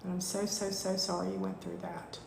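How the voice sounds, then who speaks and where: A woman, teaching a live online spiritual class in a gushing, heartfelt way with drawn-out thank-yous. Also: medium pitch, little pitch movement, creaky, background noise. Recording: echoey room.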